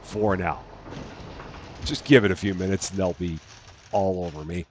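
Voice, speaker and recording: A man's voice: deep voice, steady tone, normal speed, a little mellow, slight background noise. A man hosting a let's-play, chatting casually and narrating each task aloud, often correcting himself. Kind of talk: casual gameplay commentary.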